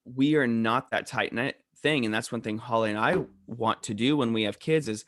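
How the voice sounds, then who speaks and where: A young man tells loose, wandering anecdotes in casual podcast chat, stopping now and then to get the details straight. His voice sits at an ordinary middle pitch. The recording is dry and close. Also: a bit bright, no room sound. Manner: rambling anecdotes, slows down to sort out details. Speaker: podcast co-host.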